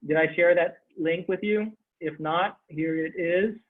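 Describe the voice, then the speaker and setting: A man teaching a Sanskrit class online, animated, repeating phrases and laughing as he explains. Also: high voice, unhurried. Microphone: video call. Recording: tinny video-call audio.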